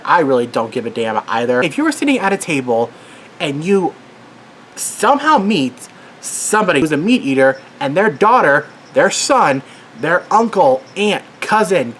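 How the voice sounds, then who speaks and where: A man's voice: fairly high pitch, a bit bright, a little hiss or hum. A worked-up man giving an angry commentary rant as a vlogger, swearing and exasperated.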